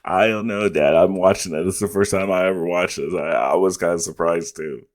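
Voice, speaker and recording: A man's voice: deep voice, fairly quick. A man hosting a reaction video, chatting casually and rambling with frequent laughs and restarts.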